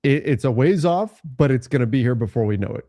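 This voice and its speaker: Animated man co-hosting a sports podcast. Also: medium pitch, quick pace, no echo, clean studio sound. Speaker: co-host. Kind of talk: casual podcast chat.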